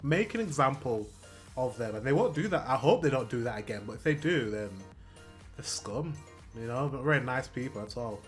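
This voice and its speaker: A man's voice: mid-range voice, expressive, a little fast, faint music behind. A British man hosting a reaction video, talking earnestly and repeating himself when he gets emotional. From Britain. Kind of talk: casual reaction commentary.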